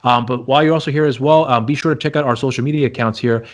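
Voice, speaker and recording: A man's voice: mid-range voice, rapid-fire. A man co-hosting a casual movie review chat, rambling and repeating himself as he talks. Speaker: podcast co-host.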